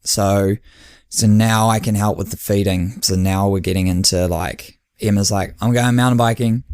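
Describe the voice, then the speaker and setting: A New man with a lowish voice chats on a podcast in a loose, rambling way. He laughs often and acts out his own lines of dialogue. The recording is dry and close. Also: flat delivery, a little slow, darkish tone, smooth, no room sound. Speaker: podcast co-host and endurance coach. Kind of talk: casual chat.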